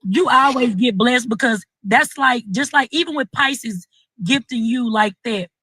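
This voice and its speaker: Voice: mid-range voice, a little slow, pushed and bright, breathy edge, dry recording, rough recording. A juror on a live stream chatting casually, speaking up earnestly in support of the host.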